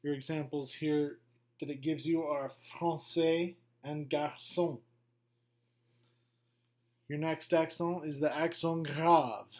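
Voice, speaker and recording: A middle-aged man teaching a beginner language lesson, going slowly through a worksheet, patient and repetitive with frequent okays. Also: a little high, a little mellow. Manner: slow, patient, repeats himself with many okays. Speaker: French teacher. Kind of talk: classroom lesson walkthrough.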